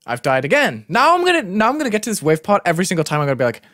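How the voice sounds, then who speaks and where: Excitable young streamer with a put-on American accent. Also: male voice, fairly high pitch, racing, no room sound, studio quality. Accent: American, put on over a British one. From Britain. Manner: excitable, yelps and shouts at in-game deaths. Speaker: gaming streamer. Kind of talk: live stream commentary.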